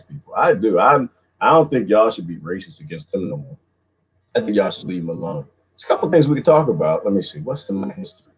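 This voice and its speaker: A man hosting a casual livestream chat, animated, often jumping into high-pitched bits and laughing as he talks to viewers. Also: quick pace, slightly rough. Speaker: livestream host.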